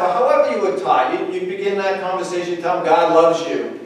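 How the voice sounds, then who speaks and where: A man preaching a sermon as pastor, talking in a conversational, animated way and acting out little dialogues. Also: high-pitched, brisk. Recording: echoey hall, speaker far from mic.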